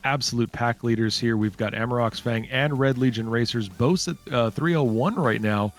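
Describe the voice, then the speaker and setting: A man's voice: mid-range voice, moderate pace. A man commentating a live-streamed space ship race, chatty and thanking viewers by name.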